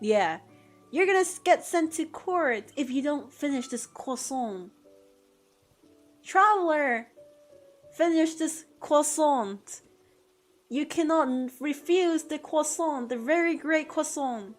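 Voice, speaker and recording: A woman voicing a pompous, theatrical young noblewoman judge with mock-French grandeur, issuing drawn-out decrees. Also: medium pitch, steady tone, faint music behind, lightly acted. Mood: grandly imperious.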